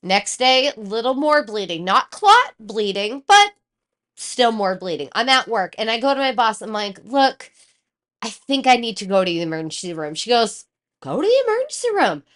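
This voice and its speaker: A woman in her thirties with a fairly high voice that leaps up and down. She tells a personal story in casual chat and acts out everyone's lines as she goes. She swears freely. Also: animated, moderate pace, fairly bright tone. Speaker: podcast co-host.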